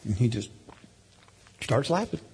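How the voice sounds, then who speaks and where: A man's voice: mid-range voice, sing-song, measured pace, darkish tone, slightly rough. A man preaching a sermon as a pastor, telling a folksy family story. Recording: long hall reverb.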